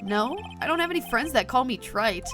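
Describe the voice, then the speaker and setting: A woman's voice: fairly high pitch, animated, fairly quick, music in the background, natural voice. Woman reads dry young lawyer, own voice, matter-of-fact.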